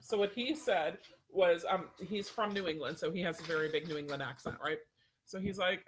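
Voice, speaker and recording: This dog trainer hosts a livestream, talking casually with his viewers at a normal speed in a high-sitting, husky male voice. His talk wanders, full of fillers, and he often interrupts himself mid-sentence.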